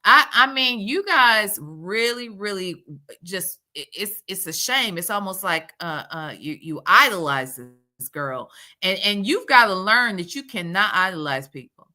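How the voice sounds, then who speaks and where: A woman hosting a casual livestream, chatting and talking straight to her viewers in a sassy, lively way. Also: measured pace. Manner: lively with loud jumps in pitch. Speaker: YouTube commentary host. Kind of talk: casual livestream commentary, reading the chat.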